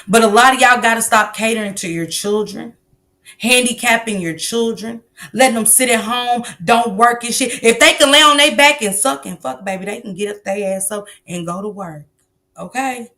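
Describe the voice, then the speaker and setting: A woman's voice: fairly high pitch, moderate pace, pushed and bright. A middle-aged woman hosting a livestream, lecturing bluntly and profanely about parenting in a casual, preachy way. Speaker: livestream host.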